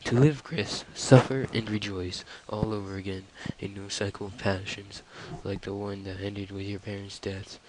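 A man voicing a solemn, calm male Santa figure in a game, speaking in a measured, grave way. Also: fairly low pitch, heavy background noise, lightly acted.

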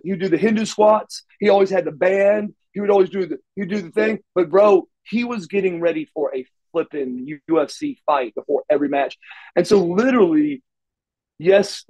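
A man's voice: fairly high pitch, darkish tone, rough recording. A middle-aged man from Oklahoma telling rambling backstage stories as a guest in a shoot interview, with frequent restarts and salty language. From Oklahoma, USA. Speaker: interview guest, former wrestler.

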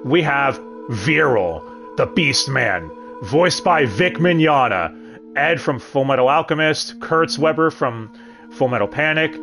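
A man hosts a relaxed review stream, chatting freely and tossing in jokes along the way. His pitch swings widely as he talks, and clear music plays behind him. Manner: chatty, with joking asides. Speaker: host. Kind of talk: casual review commentary. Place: home streaming setup. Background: background music.

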